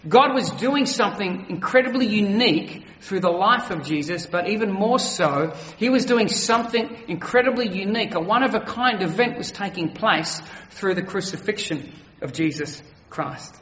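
A man's voice: high-pitched, expressive, a bit bright, muffled recording. Emphatic preaching man, echoey hall. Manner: earnest, emphatic preaching with slowed stresses. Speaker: pastor. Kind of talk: sermon.

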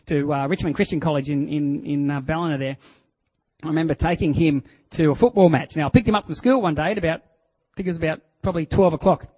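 This sermon comes from a middle-aged Australian pastor whose voice is strikingly high and whose pace is quick. Telling stories with animation, he whispers key words and then climbs sharply to act out different voices, all on poor audio.

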